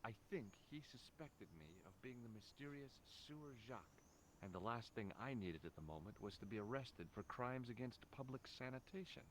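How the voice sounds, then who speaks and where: A man's voice: mid-range voice, animated, moderate pace, slight background noise, natural voice. An actor playing a wry, sarcastic Canadian male tourist in game character dialogue. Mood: narrating. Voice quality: dry, sarcastic.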